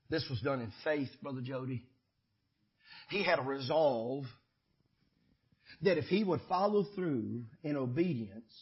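A man preaching a sermon as pastor, shifting between shouted climaxes and quiet conversational asides. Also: mid-range voice, lo-fi sound.

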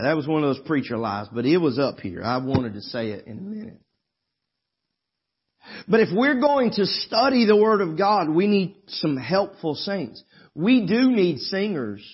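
A somewhat high, husky male voice with a drawl, preaching a sermon to his congregation. He is folksy and emphatic and drifts into side stories. The sermon audio sounds dull and lo-fi. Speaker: pastor. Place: church service.

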